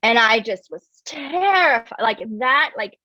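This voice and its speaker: Speaking a little slowly, a woman with a rather high, expressive, sharp-toned voice tells her personal story candidly as an interview guest. She's a wellness coach, earnest and reflective, relying heavily on "like." There's no room sound; the recording is dry and slightly dull.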